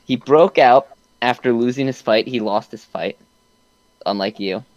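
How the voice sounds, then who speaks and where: A man's voice: mid-range voice, a little slow, darkish tone, muffled recording. A young man animatedly retelling a game session in casual chat, laughing and using many fillers. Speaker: podcast co-host recapping a game.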